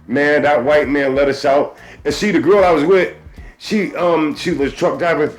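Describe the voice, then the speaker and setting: A man's voice: a little high, normal speed. A man hosting a podcast, telling stories in casual chat with many restarts and stammers. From US East Coast. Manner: animated storyteller, stammers and restarts. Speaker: podcast host.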